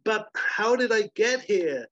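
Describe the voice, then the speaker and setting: A man's voice: lively intonation, slow pace, bright, forceful tone, exaggerated voice. A man doing an impatient bewildered young woman. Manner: raised pitch, urgent, questioning. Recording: dull lo-fi recording.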